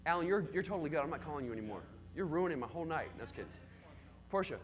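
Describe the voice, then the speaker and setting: A man's voice: a little high, animated, rapid-fire, long reverb tail, muffled recording. A man leading a church youth group, teaching in an engaging way and calling on the young people by name with questions.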